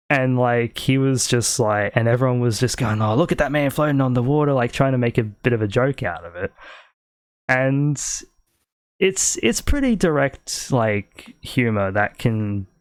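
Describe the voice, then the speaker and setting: A man's voice: mid-range voice, dry recording, clean studio sound. A man with an Australian accent hosting a casual podcast, telling rambling stories and laughing often. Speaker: podcast host.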